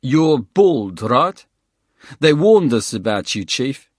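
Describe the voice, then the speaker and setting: A man's voice: medium pitch, very animated, slow pace, no echo, studio quality, pitched above the performer's own voice. A man voicing a scruffy, wiry South African mercenary, cocky, crude and needling.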